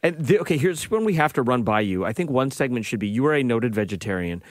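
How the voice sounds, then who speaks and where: A man's voice: medium pitch, sing-song, fast talker, no echo. A middle-aged man co-hosting a morning radio show, chatty and teasing, recorded close on a studio microphone.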